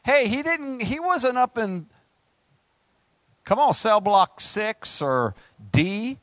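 Preaching in a relaxed, humorous manner, this man performs brief asides and builds up to fervent, high-pitched delivery. The recording is dry.

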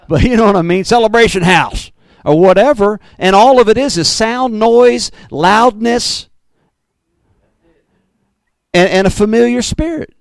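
Male pastor, fiery pulpit preaching, higher-pitched voice, dry close recording. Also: a little slow, creaky, long pauses, no room sound. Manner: fiery, swings from loud to low. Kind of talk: Pentecostal sermon.

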